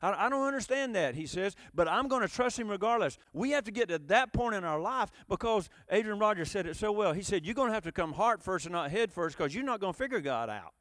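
A man preaching a sermon, animated, moving between loud emphatic bursts and low quiet asides. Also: fast talker, few pauses, dry recording, studio quality.

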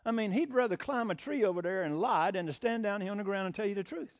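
Folksy older preacher. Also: male voice, sits high, fast talker. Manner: homespun, jokey asides, rising to emphatic preaching. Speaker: pastor. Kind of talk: folksy sermon.

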